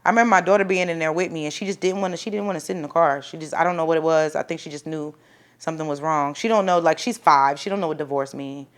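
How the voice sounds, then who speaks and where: A woman's voice: low voice, fast talker. A young adult woman telling her own story in a candid, profane, casual way, acting out what people said. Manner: candid, profane, animated retelling with acted-out quotes. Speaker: storyteller guest.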